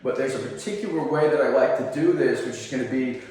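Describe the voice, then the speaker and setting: A man's voice: medium pitch, fast. A man coaching singers through arm exercises, talking casually as he demonstrates and checking in with "okay?". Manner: relaxed, talks while demonstrating exercises, frequent "okay?" check-ins. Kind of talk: instructional demonstration. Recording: very echoey room with long reverb.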